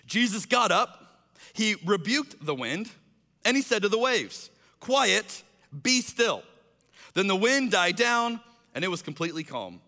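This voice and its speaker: Animated, bright-voiced male pastor in a reverberant hall. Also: high voice, moderate pace. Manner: animated storytelling, acts out voices. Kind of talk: sermon.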